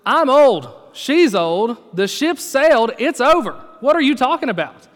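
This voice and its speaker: A man's voice: extremely high pitch, big pitch swings, a little slow, in a large hall, voice pushed up, full character voice. A man voicing an exasperated old priest who refuses to believe the news, in a raised complaining tone. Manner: incredulous, rising complaint.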